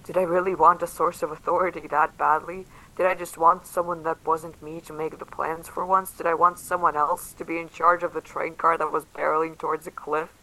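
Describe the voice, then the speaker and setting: A man's voice: fairly high pitch, fairly quick, few pauses, poor audio. Man narrating as a brooding guilty survivor. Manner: flat, brooding first-person narration. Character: guilt-ridden young narrator, desperate. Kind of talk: audio drama narration.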